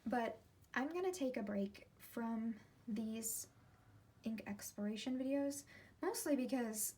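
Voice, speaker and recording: A woman's voice: on the high side, animated, slow pace, mellow. A woman in her thirties vlogging casually from her desk at home, chatty and meandering, often breaking off mid-thought. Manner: chatty, meandering, self-interrupting. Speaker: ink collection vlogger. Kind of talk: casual rambling vlog while swatching.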